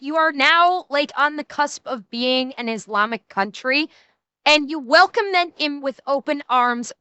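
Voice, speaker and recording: Bright, high-voiced excitable woman streamer. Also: no echo. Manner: profane, excitable, rambling with restarts. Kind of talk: casual livestream reaction commentary.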